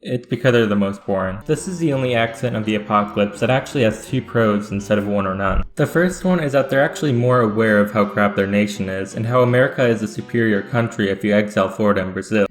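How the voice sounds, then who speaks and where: A man doing deadpan, mock-serious scripted satirical narration as a comedic history YouTuber. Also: fairly low pitch. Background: faint guitar music.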